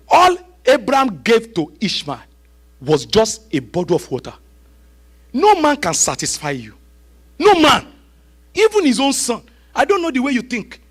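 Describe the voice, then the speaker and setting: A pastor preaching a live church sermon, often shouting and repeating refrains as he leads prayer. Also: very high voice, husky, rough recording. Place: church service.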